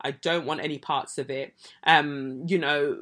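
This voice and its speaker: A woman hosting a podcast, giving opinionated, sarcastic commentary on celebrities in an animated rant. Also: sits low, a little slow. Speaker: podcast host.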